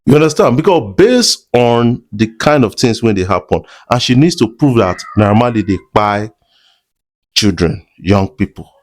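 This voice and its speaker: A Nigerian man talks straight to his audience in a loose mix of Pidgin and English. His voice is mid-pitched but very lively, rising and falling a lot as he makes his points. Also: moderate pace. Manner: chatty, speaks directly to viewers in Pidgin-laced English. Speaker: entertainment blogger. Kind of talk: commentary vlog.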